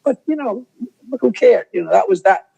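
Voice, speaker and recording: An older comedian guest on a video call, telling stories in a rambling, self-interrupting way. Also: male voice, high-pitched, expressive, moderate pace, creaky, mellow, husky, muffled recording.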